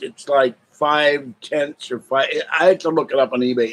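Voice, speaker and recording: A man's voice: on the high side, fairly even intonation, normal speed, few pauses, rough recording. Older man rambling on a live stream. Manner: rambling, talks softly to his cats. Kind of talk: casual live stream chat. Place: home.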